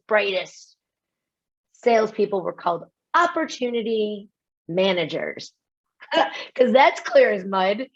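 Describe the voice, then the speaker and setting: A woman from the United States giving a lively webinar talk as a keynote speaker, animated and self-mocking, with quick asides and laughs. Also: mid-range voice, slightly rough, muffled recording.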